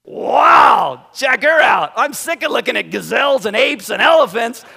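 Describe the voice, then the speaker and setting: A preacher acting out the first man, shouting with giddy, overjoyed excitement. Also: very high voice, normal speed, creaky, breathy edge, voice pushed up, full character voice. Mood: ecstatic. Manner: whooping, shouting with delight.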